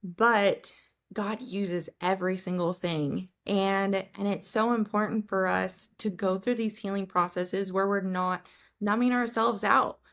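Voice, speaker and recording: A woman hosting a podcast, speaking in an encouraging, enthusiastic way and talking warmly about faith in casual conversation. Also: medium pitch, fairly even intonation, a little slow. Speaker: podcast host. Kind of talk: faith-centered casual chat.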